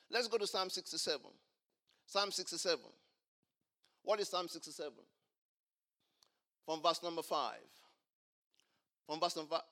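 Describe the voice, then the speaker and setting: A male pastor delivers a sermon in a high, very bright voice. He moves between quiet teaching and loud exclamations, pausing for the congregation to finish his lines. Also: steady tone. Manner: call-and-response preaching, rising to loud exclamations.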